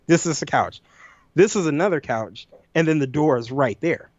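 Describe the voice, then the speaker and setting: A man co-hosting a podcast, telling a nightmare story in an animated, profane way and acting out his own lines. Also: a little high, normal speed, no echo. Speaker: podcast co-host. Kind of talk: casual storytelling chat. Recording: dull lo-fi audio, dry.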